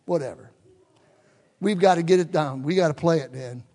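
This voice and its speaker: In a church sanctuary whose large hall gives a long reverb, a pastor delivers his sermon conversationally, asking the congregation questions. His voice is fairly high and darkish, at a moderate pace.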